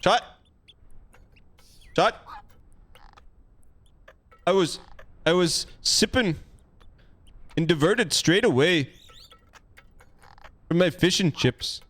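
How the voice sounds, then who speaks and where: A man's voice: sits high, lively intonation, drawn-out words, long pauses, fairly bright tone, exaggerated voice. A man putting on a Scottish accent for a short comic bit. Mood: mock outrage.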